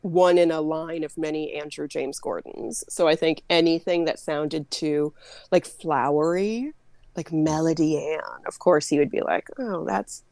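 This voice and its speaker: A woman in her fifties chats with a podcast host, quick with jokes and funny voices for the people in her stories. Her voice sits a little low and sounds close and dry, with no room around it. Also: fairly even intonation, darkish tone, no room sound. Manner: chatty and joking, quotes people in put-on voices. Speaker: author and podcast guest. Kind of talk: casual chat.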